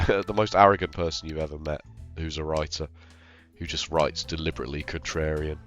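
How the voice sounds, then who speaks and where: Deep-voiced man musing over his game. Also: fairly bright tone, highs cut off. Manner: rambling, self-deprecating, thinking aloud. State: ill. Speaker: game streamer. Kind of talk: casual gameplay commentary.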